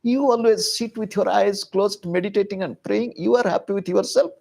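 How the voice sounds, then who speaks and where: A man's voice: sits high, moderate pace, vocal fry, a little mellow, voice pushed up. A man voicing an exasperated goddess wife who scolds her husband in a raised, reproachful tone.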